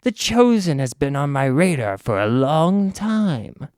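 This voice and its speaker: A man voicing a shadowy, grandiose alien villain who mocks heroes in a slow, sneering way. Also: fairly high pitch, big pitch swings, a little mellow, clean tone, dry recording, studio quality.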